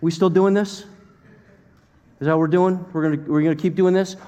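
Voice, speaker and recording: A man's voice: on the high side, fairly even intonation, fairly quick, clean tone, big-room sound, lightly acted. A man voicing God as a mighty male figure who fires sarcastic, challenging questions. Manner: forceful, mocking rhetorical questions.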